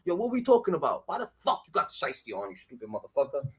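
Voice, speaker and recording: A man streaming a live reaction, loud and heated, swearing constantly and swinging between shouting and muttering. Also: medium pitch, wildly swooping pitch, fast.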